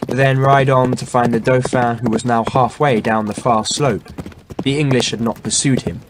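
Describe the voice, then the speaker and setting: A man reading a historical novel aloud in measured, dramatic audiobook narration. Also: mid-range voice, noisy background. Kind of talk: scripted narration. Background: faint background music.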